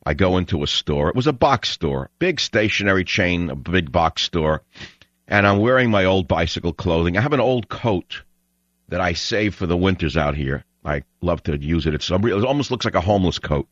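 A male talk radio host delivers a ranting monologue and breaks into loud outbursts. His voice is bright and sharp, with wide swings in pitch. The sound is dry but dull, like a lo-fi radio broadcast. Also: normal speed, no echo. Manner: animated ranting, bursts into loud shouting.

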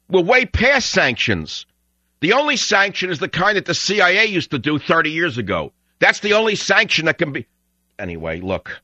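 Radio talk guy ranting, bright punchy voice, swings all over, kinda dull lo-fi broadcast sound. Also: medium pitch, no echo. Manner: animated ranting, bursts into loud shouting. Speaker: radio talk show host.

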